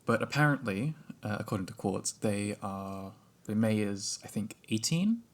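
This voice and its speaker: A man co-hosting a casual podcast chat, easygoing and quick to laugh. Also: fairly low pitch, lively intonation. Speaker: podcast co-host.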